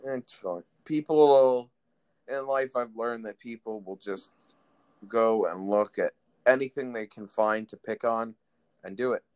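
A man's voice: medium pitch, a little slow, darkish tone, clear, resonant tone. A young man hosting a casual chat, teasing his guest and joking about himself. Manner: joking, self-deprecating. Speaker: host.

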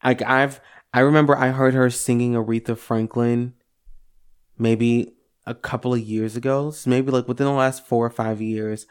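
A young man co-hosting a podcast, telling personal stories in an animated, casual way with some swearing. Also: medium pitch, moderate pace, smooth. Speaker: podcast co-host. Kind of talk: casual chat.

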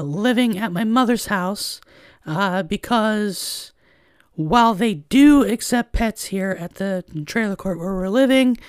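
A woman with a smooth, mid-range voice hosts a casual solo podcast from her home in a trailer. She rambles along, chattering with lots of fillers, and the recording is dry.

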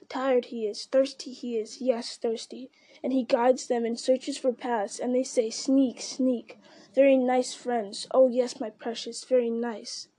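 A woman voicing a starved, sly old male creature who hisses softly, wheedles and repeats his words in an audiobook reading. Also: sits high. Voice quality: hissing, soft and whispery.

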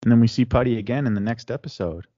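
A man co-hosting a podcast in casual chat, animated and acting out lines from scenes. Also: mid-range voice, quick pace, slightly rough, no echo, highs cut off. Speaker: podcast co-host.

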